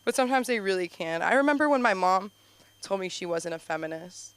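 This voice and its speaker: Animated woman telling stand-up stories. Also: mid-range voice, brisk, clean tone, dry recording. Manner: animated storytelling, heavy use of "like". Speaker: stand-up comedian and show host. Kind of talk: stand-up comedy set. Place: comedy club stage.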